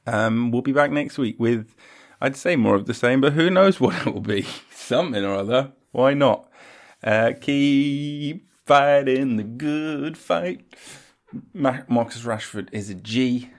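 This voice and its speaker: A man's voice: medium pitch, normal speed, dry recording, clean studio sound. A man hosting a podcast, chatting casually and laughing often in a rambling, laid-back way. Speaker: podcast host. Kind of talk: casual chat.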